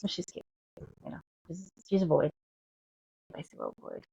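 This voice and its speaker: A woman's voice: on the low side, huge pitch swings, normal speed, creaky, dark tone, slightly rough, lo-fi sound. A woman co-hosting a podcast in a casual, chatty way, often saying "like" and "you know". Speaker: podcast co-host. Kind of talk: casual chat.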